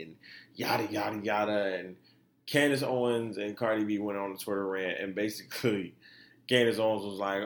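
A man hosting a podcast, giving animated, profane commentary and laughing often. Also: lowish voice, normal speed, echoey room. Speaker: podcast host. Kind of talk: casual commentary.

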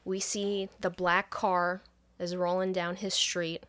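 A woman's voice: lowish voice, takes it slowly. Profane woman recapping a film. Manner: profane, animated recap with quoted voices. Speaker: podcast co-host retelling a film. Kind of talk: casual chat.

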